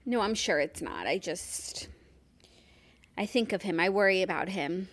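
A woman's voice: medium pitch, a little slow, fairly bright tone. A young woman co-hosting a podcast, chatting casually and now and then drawing out a word to tease. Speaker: podcast co-host. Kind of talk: casual chat.

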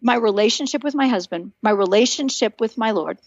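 Animated storytelling woman with a bright pitch. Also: brisk, dry recording, highs cut off. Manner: animated storytelling, acts out quoted voices. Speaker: guest author. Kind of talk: casual podcast conversation.

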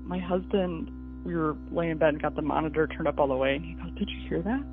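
A wife and mother talks fast as she tells her story for a recorded interview, animatedly voicing the dialogue with pitch that jumps up and down. The audio sounds thin and phone-like, with faint music in the background.

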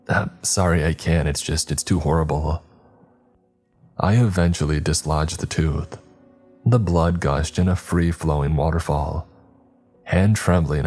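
Male horror podcast narrator, very deep, husky, measured and dramatic, faint music under. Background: soft background music.

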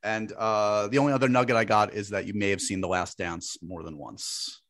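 A male podcast host with a fairly low voice who keeps the chat casual. He talks in an animated way, full of quick, self-deprecating asides.

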